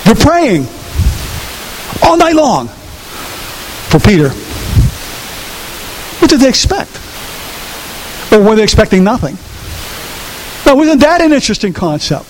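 A male pastor delivers a sermon with a high voice. He repeats phrases for emphasis and keeps asking his listeners questions. His voice echoes around a large hall over a faint hiss. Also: unhurried, pauses often. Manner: animated, repetitive, asks the audience questions.

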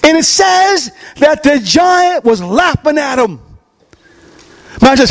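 A man preaching a sermon, animated and questioning his congregation as he acts out scenes. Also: extremely high pitch, moderate pace. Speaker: pastor.

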